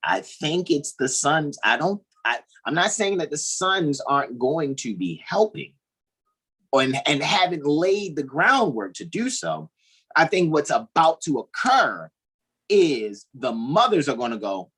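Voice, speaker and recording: Husky, animated man on a video call. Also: on the high side, unhurried. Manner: animated, laughing, thinking aloud. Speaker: astrology co-host. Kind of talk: casual astrology talk.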